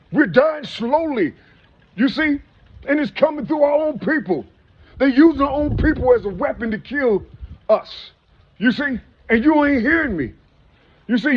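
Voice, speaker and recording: High husky man preaching "you see". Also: lo-fi sound. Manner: rhetorical questions, profane. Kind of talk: rambling spoken monologue.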